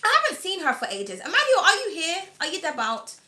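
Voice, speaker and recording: An extremely high, wildly swooping voice, pushed and bright and a little fast, belongs to a British tarot reader with a slightly whiny sound. She chats her way loosely through a live reading, rambling with "like" and "um" and laughing often.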